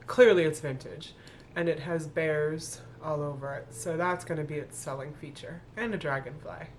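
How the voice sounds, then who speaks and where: A woman's voice: deep voice, steady tone, normal speed, slight background noise. A middle-aged woman talking casually through a thrift haul, thinking aloud and correcting herself as she goes. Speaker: thrift reseller vlogger. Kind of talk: casual haul video talk.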